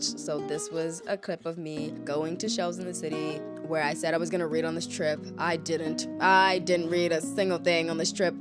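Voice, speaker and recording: A woman in her twenties giving blunt, expressive reactions in a casual reading vlog. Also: low voice. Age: 20s. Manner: candid, blunt and expressive, with slangy asides. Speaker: book vlogger.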